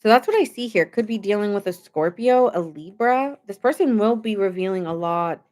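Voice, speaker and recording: A woman's voice: mid-range voice, animated, moderate pace, a little mellow. A woman giving a casual live-stream tarot reading, chatty and rambling, thanking viewers as she goes. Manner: chatty, rambling, reads chat aloud. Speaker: tarot reader.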